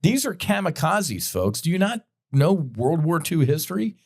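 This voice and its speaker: A man's voice: fairly high pitch, sing-song, moderate pace, creaky. Fired-up middle-aged male podcast host. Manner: emotional, blunt, profane, addresses listeners directly. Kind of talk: impassioned commentary monologue.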